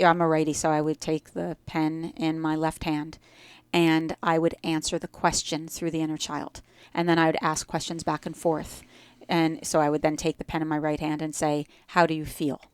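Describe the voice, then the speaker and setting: A woman's voice: deep voice, level tone, a little slow, clean tone, dry recording. Earnest woman with a New Jersey accent. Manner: earnest, builds lists of short repeated phrases. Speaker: guest yoga teacher. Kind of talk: reflective podcast conversation.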